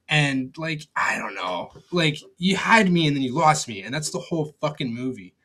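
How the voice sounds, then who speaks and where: A man's voice: on the high side, sing-song, normal speed, hardly any pauses, sharp tone. A young man giving a casual, rambling film review, blunt and profane, with lots of fillers and restarts. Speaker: movie reviewer.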